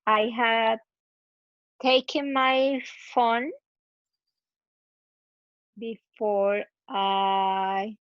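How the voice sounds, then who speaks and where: An English student with a highish voice speaks flatly and very slowly, pausing often as she works through grammar aloud. She hesitates, repeats words while thinking, and corrects herself; the recording is muffled with no room sound.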